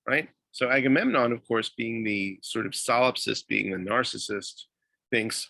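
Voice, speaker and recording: A man's voice: medium pitch, lively intonation, moderate pace, creaky, bright, forceful tone, no room sound. A man giving a university lecture, hesitant, with many fillers and restarts.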